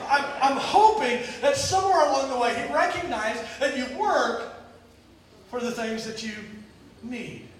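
In an echoey church hall, heard from a distance, a man with a high voice delivers a sermon at an unhurried pace. He tells stories animatedly, swinging between sudden shouts and quiet drops, often repeating words and starting over.

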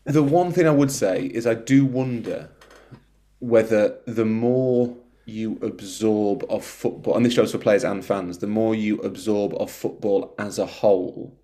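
A man's voice: lowish voice, a little slow, mellow. A man talking casually on a podcast panel, joking and interrupting himself. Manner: chatty, self-interrupting, joking. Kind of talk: casual chat.

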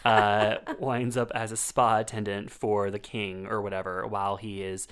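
A man's voice: fairly low pitch, little pitch movement, moderate pace, fairly bright tone, clear, resonant tone. A man co-hosting a casual film review podcast, wry and chatty with plenty of fillers. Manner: wry, storytelling, full of fillers.

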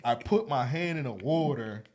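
A man's voice: medium pitch, normal speed, heavy background noise. A man co-hosting a podcast, telling funny stories in casual chat and acting out the people he quotes. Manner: animated storyteller, acts out quotes. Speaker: podcast co-host.

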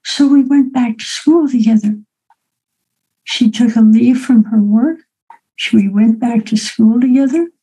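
An elderly woman in her eighties tells a personal story slowly and reflectively, with a dark, mellow voice that is gravelly and a little husky. She often checks in with her listeners as she goes. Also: fairly high pitch, poor audio. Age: 80s. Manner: unhurried, reflective, with asides of "right?" and "okay?".

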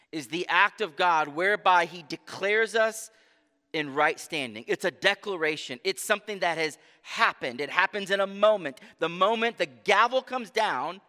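A man's voice: high-pitched, lively intonation, bright, forceful tone. Earnest male preacher in an echoing hall. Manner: earnest, emphatic preaching with slow stressed phrases. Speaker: pastor. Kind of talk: sermon.

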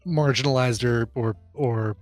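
A man co-hosting a podcast in casual banter, chatty and quick to agree and laugh. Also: medium pitch, a little mellow, dry recording, soft background music. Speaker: podcast co-host.

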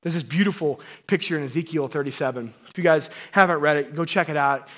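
With a fairly high pitch and a quick pace, this thirty-something pastor preaches casually and playfully. His sermon shifts back and forth between booming emphasis and hushed tones.

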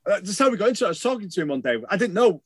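A man's voice: sits high, animated, racing, husky, no echo. A man chatting casually on a podcast, rambling and enthusiastic, swearing freely. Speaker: podcast co-host.

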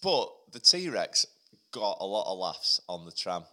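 Lively, bright-voiced chatty man. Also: low-pitched, a little slow. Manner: enthusiastic, laughing, repeats and restarts phrases. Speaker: podcast co-host. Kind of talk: casual chat.

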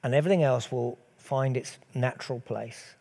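Mellow-voiced male preacher. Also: mid-range voice, moderate pace, vocal fry. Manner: earnest, rhetorical questions, swells and drops in volume. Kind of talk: sermon.

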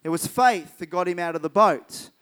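A man's voice: high voice, normal speed, fairly bright tone, smooth. A man preaching a sermon, retelling Bible stories vividly and repeating key phrases for emphasis.

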